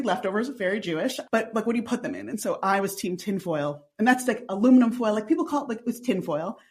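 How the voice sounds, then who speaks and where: A woman, chatting as a podcast guest and saying "like" constantly. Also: medium pitch. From Long Island, New York. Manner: says "like" constantly, chatty and animated. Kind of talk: casual chatty interview.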